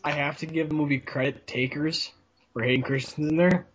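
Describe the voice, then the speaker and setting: A man's voice: on the high side, fairly even intonation, fairly quick, slightly rough. A man chatting casually on a podcast, joking and mocking with a playful manner. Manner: joking, mocking, does whiny impressions. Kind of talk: casual chat. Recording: dull lo-fi sound.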